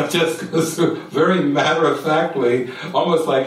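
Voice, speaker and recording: An older man speaks to a retreat group, telling a story and quoting the people in it. His voice is mid-pitched and heard from a distance. A very echoey hall rings around every word, with faint room noise behind. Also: unhurried. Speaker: spiritual teacher. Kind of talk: retreat talk. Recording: echoey room, mic far off.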